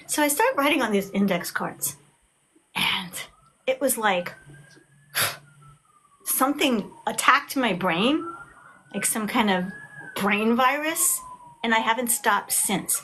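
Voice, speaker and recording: A middle-aged woman, talking as an author guest in a casual video chat. She tells her stories with lively acted-out quotes. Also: fairly high pitch, measured pace, long pauses, a little hiss or hum. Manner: animated storyteller, acts out quotes.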